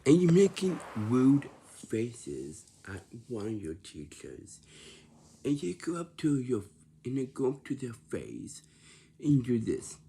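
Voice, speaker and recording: A man's voice: medium pitch, wildly swooping pitch, slow pace, warm tone, slight background noise. A man talking casually to camera, lecturing about lazy and rude behaviour and repeating himself often. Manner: repetitive, lecturing about manners.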